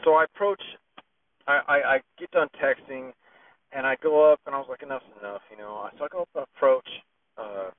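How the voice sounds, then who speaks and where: A man's voice: mid-range voice, lively intonation, fairly quick. A middle-aged man telling a personal story in a casual, rambling way, full of fillers and restarts. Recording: tinny phone-line sound, voice distant from the mic.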